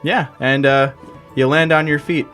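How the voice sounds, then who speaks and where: A man's voice: fairly high pitch, steady tone, measured pace, a bit bright. A man running a tabletop game as game master, casual and swearing freely. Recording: podcast with background music.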